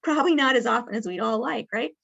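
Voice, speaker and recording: A woman's voice: fairly high pitch, quick pace, vocal fry, husky, highs cut off. Chatty woman teaching dementia caregiving. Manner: warm conversational teaching with many fillers; acts out caregiver lines in a bright, lifted voice. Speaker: dementia care presenter. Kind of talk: interactive training session.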